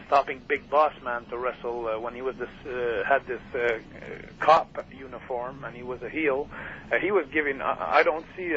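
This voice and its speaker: A man's voice: medium pitch, a bit bright. A man guest telling wrestling stories in a loose, rambling way, full of fillers and laughter. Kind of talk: casual storytelling interview. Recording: muffled radio broadcast with faint hiss.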